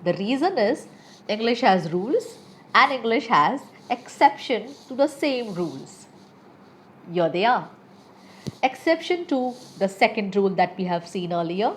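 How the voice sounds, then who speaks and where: Brief: woman English teacher, slow careful delivery, animated intonation, faint hiss behind. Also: medium pitch. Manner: reads word lists aloud with exaggerated stress. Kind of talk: slow, deliberate pronunciation lesson.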